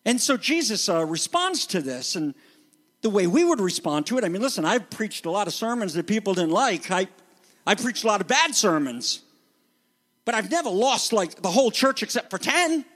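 A man with a notably high voice preaches from the pulpit. His delivery is emphatic and dramatic, and he teaches the text closely. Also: very animated, moderate pace, a bit bright. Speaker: pastor. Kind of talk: expository sermon.

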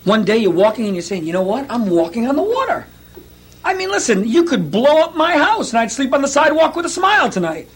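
A male pastor preaching a sermon, telling stories in an animated way and acting out quotes with laughs. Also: very high-pitched, fairly quick, husky.

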